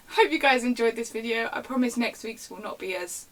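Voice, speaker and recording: A woman's voice: a little high, a little fast. Young woman ranting on a vlog. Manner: animated, indignant ranting. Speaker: vlogger. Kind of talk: casual storytime rant. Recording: slightly distant mic with faint background hiss.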